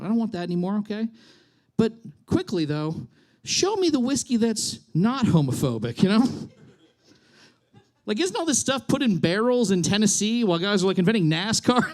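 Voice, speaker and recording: A young man from Reno, Nevada, performs stand-up on a theater stage. He rambles in a wry, self-deprecating way, and his voice sits fairly high. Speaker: stand-up comedian. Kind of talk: stand-up comedy set. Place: theater stage with live audience.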